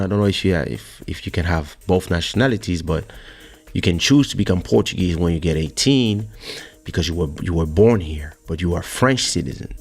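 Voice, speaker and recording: A man hosting a podcast, chatting casually as an animated storyteller who laughs often. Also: low-pitched, brisk, vocal fry, breathy edge. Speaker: podcast host. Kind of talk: casual chat.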